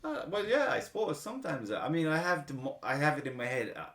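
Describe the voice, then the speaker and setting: A man's voice: a little high, fast. A man hosting a podcast, chatting casually, swearing freely and mocking himself. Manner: swears freely, animated and self-mocking, with frequent laughs. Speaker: podcast host. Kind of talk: casual chat. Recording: roomy echo.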